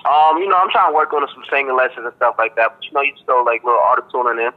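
A man from Boston, a rapper giving a relaxed interview in slangy talk full of fillers and "you dig.". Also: mid-range voice, very fast. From Boston, Massachusetts. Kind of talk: casual interview chat. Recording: dull lo-fi line.

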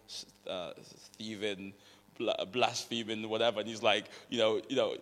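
A man giving a conversational sermon from England, telling animated stories and acting out what people said. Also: on the low side, a little fast. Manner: conversational, animated storytelling, acts out quotes. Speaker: preacher. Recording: long reverb of a large hall.

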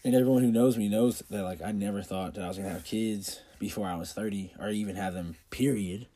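Husky-voiced young man telling a profane story. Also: lowish voice, steady tone, fast talker, warm tone. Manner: profane, rambling, filler-heavy storytelling. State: coughing with a cold. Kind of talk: casual personal anecdote.

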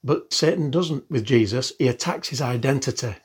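A man's voice: medium pitch, normal speed, husky. A man giving an online sermon in a conversational, earnest way, with frequent fillers. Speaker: pastor.

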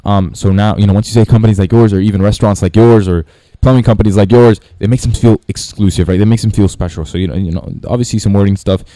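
A man's voice: on the low side, steady tone, fast, mellow, dry recording. A man giving a casual sales tutorial, rambling with many restarts and fillers. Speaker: sales coach. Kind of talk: casual talking-head tutorial.

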